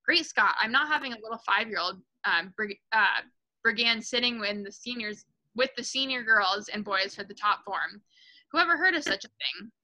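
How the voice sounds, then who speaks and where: A huge, scornful headmistress barks, snaps and mocks, as a woman reading aloud puts her on. The voice is bright and pitched high. It booms with contempt. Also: lively intonation, moderate pace, poor audio. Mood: bullying. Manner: barking, snapping, mocking. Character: huge bullying female headmistress, loud and scornful.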